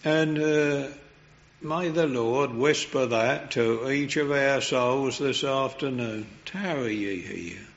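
A man preaching a sermon at a slow, unhurried pace, reverent and earnest. His voice is of middling pitch. The recording sounds muffled and lo-fi. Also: fairly even intonation.

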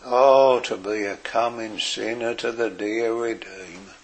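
A man preaching a sermon in an earnest way, dropping his voice softly for quoted words. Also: fairly low pitch, steady tone. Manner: slow, earnest preaching with soft, quiet quoted phrases.

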